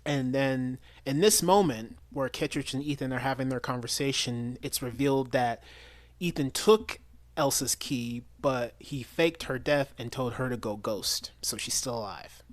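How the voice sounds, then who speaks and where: A man's voice: mid-range voice, a little slow, no echo. A man giving a casual, enthusiastic spoken movie review, chatty and full of restarts. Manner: chatty, enthusiastic, with frequent restarts and quoted lines.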